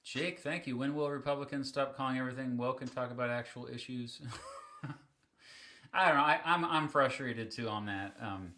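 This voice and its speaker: A man's voice: medium pitch, normal speed, pushed and bright. A man hosting a casual livestream, chatting through viewer questions with frequent fillers and little laughs. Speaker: livestream host.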